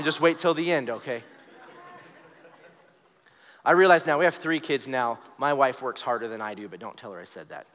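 A man's voice: medium pitch, normal speed, long pauses, sharp tone. A young man preaching a live church sermon in a conversational, storytelling way, voicing the people in his stories. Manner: conversational, storytelling with acted quotes. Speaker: pastor. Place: church sanctuary, live service. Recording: long hall reverb.

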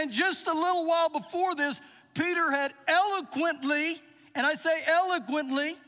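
Here the preacher's voice is extremely high and sharp. He reads scripture and acts out quotations emphatically during a church service, and the live recording carries a long reverb.

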